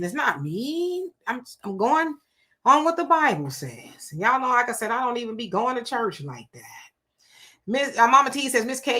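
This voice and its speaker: Bright-voiced woman chatting with live viewers. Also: a little high. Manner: greets commenters by name and reacts conversationally. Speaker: livestream host reading chat comments. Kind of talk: casual live-chat commentary.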